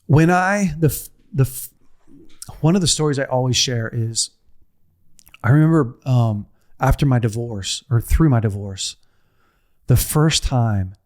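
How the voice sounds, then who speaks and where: A middle-aged man giving a heartfelt teaching talk, telling a personal story with repetition, restarts and a pace that swings from slow to rushed. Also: mid-range voice, darkish tone. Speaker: speaker on a men's ministry show.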